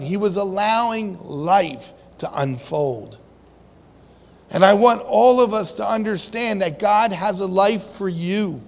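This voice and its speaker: Speaking slowly in a high, gravelly voice, a preacher delivers his sermon conversationally, questioning the congregation and playing the story's characters. The sound carries long hall reverb.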